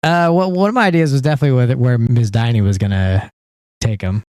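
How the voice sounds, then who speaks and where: A man's voice: mid-range voice, quick pace, darkish tone, clear, resonant tone, dry recording, clean studio sound. Teasing game master, a man, chuckling. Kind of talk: casual podcast chat about a game.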